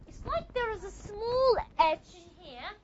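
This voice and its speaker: A woman's voice: very high voice, lively intonation, measured pace, muffled recording. A woman teaching a classroom lecture, repeating and modeling sounds and checking often that students follow.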